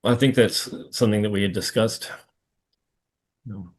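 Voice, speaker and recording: A man answers the judge as an attorney, measured and a little hesitant. His voice is very deep. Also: fairly even intonation. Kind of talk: court hearing.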